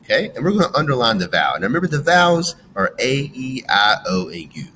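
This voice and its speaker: A man's voice: medium pitch, big pitch swings, bright, forceful tone, a little hiss or hum, rough recording. A man teaching a phonics lesson to children, sounding out letters one by one and walking the class through each word. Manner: slow, sounding out letters and praising.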